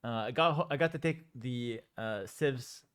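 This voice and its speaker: A young man, a pro gamer, casually telling a story about a tournament in a lively, joking, mock-outraged way. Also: mid-range voice, normal speed, clean tone, dry recording, studio quality.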